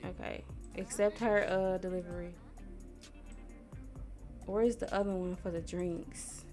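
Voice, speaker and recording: A young gaming YouTuber from Missouri offers chatty, slangy commentary while playing a life-sim game, talking to herself and the characters and getting annoyed quickly. Her voice is lowish and fairly even in intonation, with a darkish tone over soft background music.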